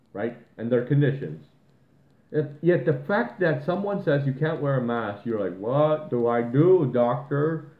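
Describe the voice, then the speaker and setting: A man co-hosting a podcast, ranting in a heated, profane way and mocking the people he quotes. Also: lowish voice. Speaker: podcast co-host. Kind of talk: ranting casual podcast talk. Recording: tinny phone-like line in an echoey room.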